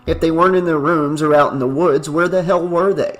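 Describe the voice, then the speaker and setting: A man's voice: a little high, steady tone, brisk, soft background music, lightly acted. A man voicing a blunt, frustrated male caretaker in an audiobook reading.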